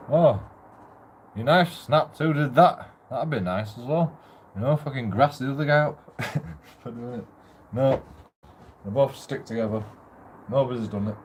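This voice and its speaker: A man's voice: mid-range voice, normal speed, pauses often, darkish tone, slight background noise. A man ranting casually at home in a shared house, grumbling and swearing as he rambles with restarts. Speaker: vlogger.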